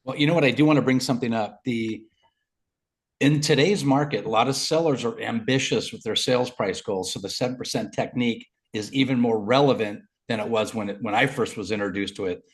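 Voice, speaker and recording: A man with a mid-range voice hosts a video call for agents. He chats casually and loosely, doubling back on his words as he goes. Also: medium pitch. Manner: loose, halting, with fillers and restarts. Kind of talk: casual chat.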